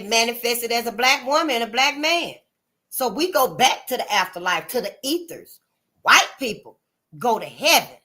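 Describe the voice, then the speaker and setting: A woman's voice: a little high, bright, forceful tone. A woman hosting her own channel, talking straight to her listeners in a blunt, emphatic monologue, cussing freely and repeating points to drive them home. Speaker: channel host. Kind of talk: casual spoken commentary monologue.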